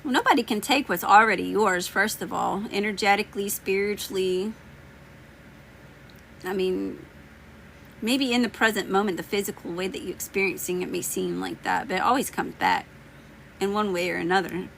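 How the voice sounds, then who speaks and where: A woman's voice: mid-range voice, animated, moderate pace, a bit bright, a little hiss or hum. A woman tarot reader chatting casually with viewers on a live stream, teasing, laughing and slangy, with her voice a bit worn as she loses it. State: losing her voice. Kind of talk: casual livestream chat answering viewers.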